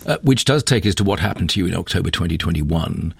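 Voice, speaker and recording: Deep-voiced male radio presenter. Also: lively intonation, quick pace, creaky, slightly rough, no echo. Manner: polite, with frequent uh fillers. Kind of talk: radio interview hosting. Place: radio studio. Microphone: studio microphone.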